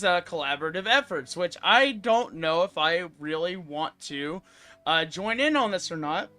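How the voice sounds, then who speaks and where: Bright high-voiced young male streamer. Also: clean tone. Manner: rambling, chatty, self-correcting. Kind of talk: casual livestream chat.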